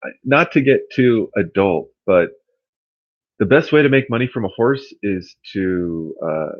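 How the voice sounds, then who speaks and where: A man hosting a casual livestream, rambling and thinking out loud as he answers his chat. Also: lowish voice, lively intonation, a little slow, no room sound, lo-fi sound. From California.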